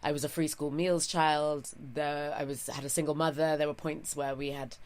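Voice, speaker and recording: A woman's voice: low-pitched, little pitch movement, normal speed, a little mellow. A woman in her thirties with a posh English RP accent, a comedian doing stand-up and then chatting in an interview with a wry, self-mocking manner. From England. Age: 30s. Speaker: comedian, guest. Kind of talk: stand-up set, then casual interview chat.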